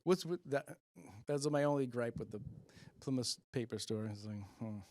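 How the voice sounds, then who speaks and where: A man's voice: mid-range voice, moderate pace, darkish tone, no echo, studio quality. A middle-aged man hosting a stand-up comedy monologue, rambling with self-deprecating, muttered asides. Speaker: comedian host.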